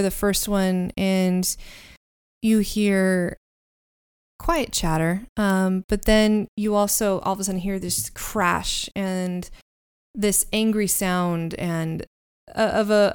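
Game master, woman, smooth resonant voice, easygoing narration. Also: medium pitch, a little mellow.

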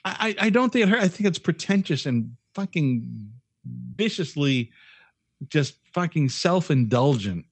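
A man's voice: a little high, big pitch swings, unhurried, slightly rough, no echo. A man co-hosting a podcast in casual chat, ranting bluntly and swearing a lot. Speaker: podcast co-host.

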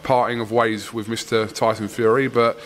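A man's voice: mid-range voice, level tone, normal speed. A man with an Essex accent hosting a casual sports podcast interview, chatty and swearing freely, asking long rambling questions.

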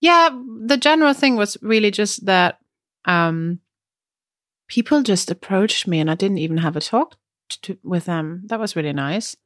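A woman's voice: mid-range voice, expressive, normal speed, a bit bright, no room sound, clean studio sound. A woman with a German accent, co-hosting a podcast in a chatty storytelling manner and laughing often. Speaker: podcast co-host. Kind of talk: casual chat.

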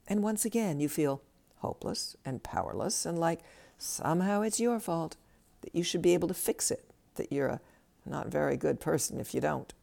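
A woman's voice: sits low, sing-song, normal speed, vocal fry, dark tone. A woman hosting a self-help podcast, giving direct, coaching advice from a script and acting out bits of dialogue.

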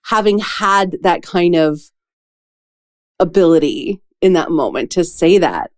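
A woman hosts a casual podcast chat with a fairly low voice. She reacts effusively and openly to her guest. The sound is dry, with no room echo. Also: lively intonation. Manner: effusive, reactive, quick to laugh. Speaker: podcast host.

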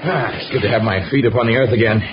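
An actor playing Tarzan, a calm, powerful jungle hero, with measured, formal speech in an old radio drama. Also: male voice, on the low side, lightly acted. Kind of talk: 1930s radio drama acting. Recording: dull old radio recording, faint hiss.

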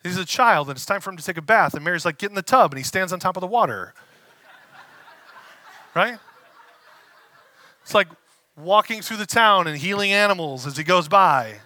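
A man preaching a conversational sermon as a pastor, casual and animated, acting out the voices he quotes. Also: sits high, moderate pace, pauses often, no echo.

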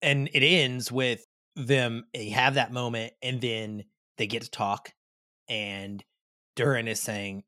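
A man co-hosting a podcast in casual chat, recapping excitedly in rambling sentences. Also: mid-range voice, slow, dry recording, clean studio sound. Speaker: podcast co-host.

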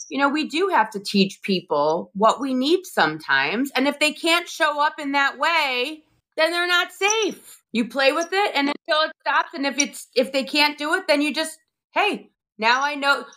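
Bright, animated middle-aged woman. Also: medium pitch. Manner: animated storyteller acting out both sides. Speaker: co-host. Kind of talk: casual live-stream chat.

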